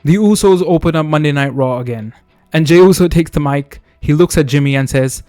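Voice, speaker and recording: A man's voice: a little high, brisk, no echo. Man narrating a wrestling storyline. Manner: steady storytelling, reads quotes in his own voice. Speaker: wrestling video host. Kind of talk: fantasy booking narration.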